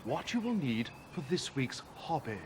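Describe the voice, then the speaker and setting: A man's voice: a little high, big pitch swings, moderate pace, slight background noise. A man playing a pompous, self-important adult male hobby obsessive in a sketch comedy monologue.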